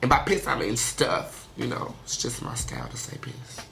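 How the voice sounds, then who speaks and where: A young adult host giving a casual solo monologue on a radio show, animated and chatty, often tagging sentences with "okay?" and "honey". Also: mid-range voice, moderate pace, gravelly, slight background noise.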